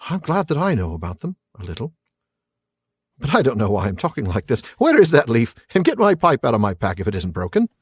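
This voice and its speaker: A man voicing a thoughtful young male hobbit who muses quietly as he reads aloud from a novel. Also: medium pitch, wildly swooping pitch, fairly quick, husky, dry recording, studio quality. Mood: musing. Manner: reflective, wondering.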